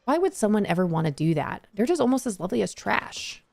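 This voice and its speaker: A woman's voice: mid-range voice, big pitch swings, quick pace, creaky, darkish tone, exaggerated voice. A woman reading aloud the lines of a whiny, self-pitying male pixie king obsessed with trash, from a video game. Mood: sulky grandiose.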